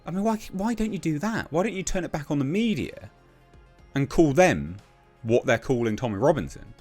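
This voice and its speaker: A man's voice: fairly high pitch, very animated, moderate pace, darkish tone, soft background music. A man giving casual political commentary, blunt and exasperated, with mocking sarcastic asides.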